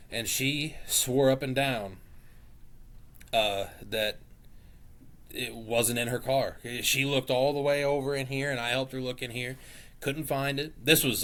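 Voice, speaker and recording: A man's voice: medium pitch, fairly bright tone. Wry storytelling man on a podcast. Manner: wry, drawn-out anecdote telling. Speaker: podcast co-host. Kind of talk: casual storytelling chat.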